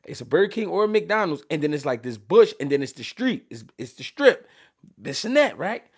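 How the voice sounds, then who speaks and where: His pitch sits fairly high and his pace runs a little fast as this Philly show host tells casual stories. He's animated and slangy, curses often, and keeps restarting sentences.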